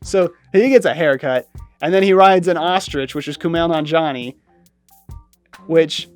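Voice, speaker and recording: A woman chatting sarcastically as a movie reviewer, animated and mocking, with light music behind. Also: sits low, a little slow. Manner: sarcastic, animated, mimics lines in exaggerated voices. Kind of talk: casual review chat.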